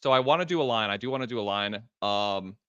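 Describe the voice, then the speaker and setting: A man guesting on a casual live stream, with a bright, sharp-edged voice recorded close and dry. He talks laid-back and loose, swears casually, and often trails off into quieter mumbles. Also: fairly low pitch, animated, fast, smooth, dry recording, muffled recording.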